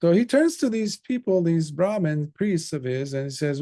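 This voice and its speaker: A man's voice: a little high, big pitch swings, normal speed, hardly any pauses, warm tone. A man, a Buddhist monk, telling a story in a conversational dharma talk with casual asides.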